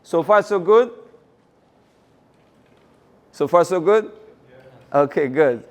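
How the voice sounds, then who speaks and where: A man giving a motivational seminar talk, energetic and rallying the audience with questions. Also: high voice, takes it slowly. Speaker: seminar speaker.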